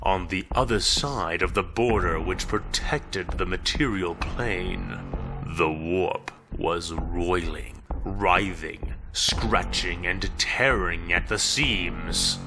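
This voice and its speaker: A man narrating a fan fiction audio story in a dramatic, measured reading. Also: low-pitched. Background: background music.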